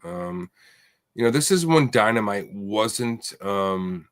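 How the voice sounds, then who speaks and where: A man co-hosting a casual comic sales show, talking in a relaxed, hesitant way with many fillers. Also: mid-range voice, slow pace, creaky, no echo, clean studio sound. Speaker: co-host. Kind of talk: casual chat about comic prices.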